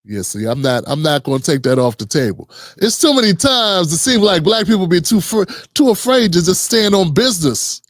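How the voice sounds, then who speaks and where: A man's voice: high-pitched, very animated, a little fast, dry recording, studio quality. A man hosting a commentary channel, talking casually and earnestly with many restarts and rhetorical questions.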